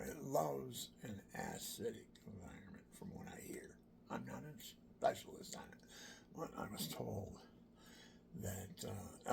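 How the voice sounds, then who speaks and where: A man in his sixties telling a rambling personal story, drifting between whispered asides and loud exclamations. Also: on the low side, gravelly. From Pennsylvania, USA. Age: 60s.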